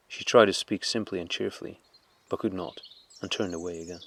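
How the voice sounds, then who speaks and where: A man narrating a classic novel as an audiobook in a measured, calm, unhurried way. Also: low voice.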